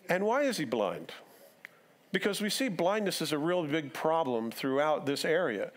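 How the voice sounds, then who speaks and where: A man's voice: fairly high pitch, big pitch swings, normal speed. Conversational male pastor preaching. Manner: conversational, asks the congregation questions, acts out quoted dialogue. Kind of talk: sermon. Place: church sanctuary.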